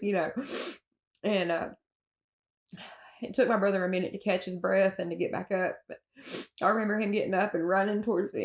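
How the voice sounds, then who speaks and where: A woman with a Southern accent and a gravelly, fry-laden voice tells her story in an interview. She talks haltingly, with many fillers and restarts, and laughs nervously as she goes. Her pitch sits in the middle for a woman. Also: fairly even intonation. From Alabama. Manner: emotional, with nervous laughs at hard moments. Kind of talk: personal recounting in an interview.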